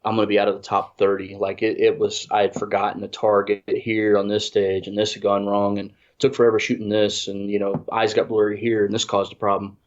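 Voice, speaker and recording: A man's voice: on the low side, completely flat delivery, fairly quick, few pauses. A congested man telling a rambling, self-deprecating story in casual chat, full of restarts. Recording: dull lo-fi audio.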